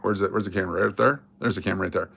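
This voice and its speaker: A man hosting a casual live coin-hunting stream, excitable and chatty with his viewers as he sorts rolls of coins. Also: low voice, very fast, gravelly. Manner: excitable, hypes finds, chats with viewers. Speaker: coin roll hunting livestream host.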